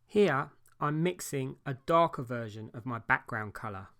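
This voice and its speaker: A man giving a calm, measured voice-over for a painting tutorial, explaining each step as he works. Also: medium pitch. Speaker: painting instructor.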